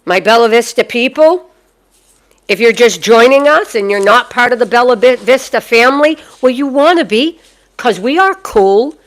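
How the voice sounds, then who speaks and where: A woman's voice: fairly high pitch, expressive, normal speed. A woman with a Boston accent hosting a live stream as a dog breeder, chatty and folksy, repeating phrases for emphasis as she talks to her viewers.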